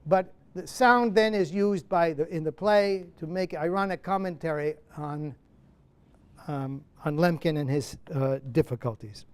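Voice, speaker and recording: A man's voice: a little high, a little slow, clear, resonant tone. A man in his seventies giving a university lecture as a guest playwright, digressive and self-interrupting, with many asides.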